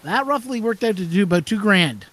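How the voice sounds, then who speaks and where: A man's voice: high voice, lively intonation, fairly quick, fairly bright tone. A man hosting a casual chat, telling stories and playing out old phone calls. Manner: chatty storyteller, plays out phone calls. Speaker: channel host.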